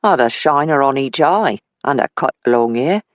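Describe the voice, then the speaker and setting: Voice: medium pitch, expressive, normal speed, no room sound, lo-fi sound, lightly acted. A narrator voicing an older working-class father who talks plainly and kindly in an audiobook. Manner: plain, homely speech. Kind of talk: audiobook character voice.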